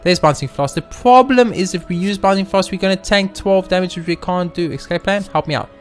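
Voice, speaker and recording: A man's voice: sits high, a little fast, faint music behind. A man hosting a let's play video, commenting casually on his game, cheering, swearing and talking to the enemies. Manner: excitable, swears, talks to the game. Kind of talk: gaming commentary.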